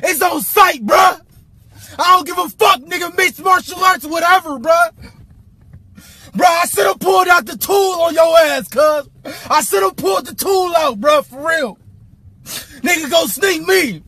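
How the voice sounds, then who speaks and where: A young man shouting a profane comedic rant straight at the camera. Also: very high-pitched, measured pace, no room sound. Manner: loud, profane, yelling at the camera. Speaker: comedy skit creator.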